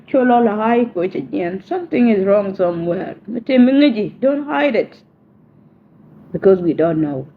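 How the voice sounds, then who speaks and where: A woman from South Sudan with a somewhat high voice pleads slowly, repeating herself insistently in a personal spoken message. It sounds like a phone call, with tinny line audio and faint hiss.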